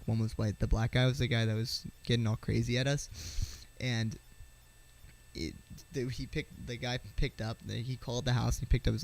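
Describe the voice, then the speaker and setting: A man telling a personal story to camera in a casual vlog, halting, with many fillers, restarts and swear words. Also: mid-range voice, vocal fry. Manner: swearing, excitable. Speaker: vlogger.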